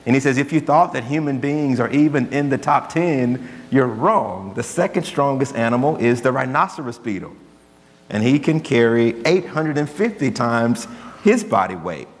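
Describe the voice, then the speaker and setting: A man preaching a sermon as pastor, earnest and conversational, telling stories to make his point. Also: medium pitch. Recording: long hall reverb, faint hum.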